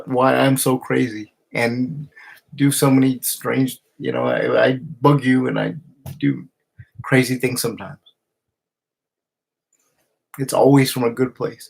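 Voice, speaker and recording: Recorded on the camera he's speaking into, this emotional video message comes from a man with a medium-pitched, gravelly, slightly husky voice. He stumbles along haltingly, breaking off and beginning again.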